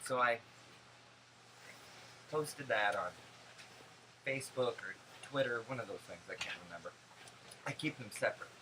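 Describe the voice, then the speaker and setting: A man's voice: mid-range voice, measured pace, pauses often, poor audio. Chatty young man with a background hiss. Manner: animated, gossipy and sarcastic storytelling. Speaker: vlogger. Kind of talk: casual vlog monologue.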